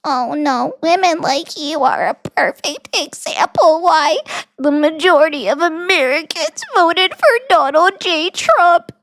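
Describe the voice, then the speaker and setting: A woman's voice: sits high, measured pace, fairly bright tone, dry recording, voice pushed up. A woman putting on a whiny voice to mock a sneering male online troll.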